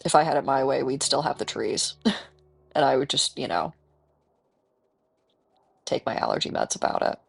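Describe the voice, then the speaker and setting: A woman's voice: a bass voice, sing-song, moderate pace, vocal fry, long pauses, breathy edge. A woman from the Midwest with a cold, chatting casually and rambling while she plays a game, talking to the animals on screen. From American Midwest. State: has a cold. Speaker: gaming streamer. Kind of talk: casual gameplay chat.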